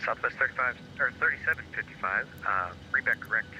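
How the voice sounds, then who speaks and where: A man putting on a bright, clipped tower controller. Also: medium pitch, lo-fi sound, slight background noise. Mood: procedural. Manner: slow radio phraseology with hesitant fillers. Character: male American air traffic controller, calm and procedural.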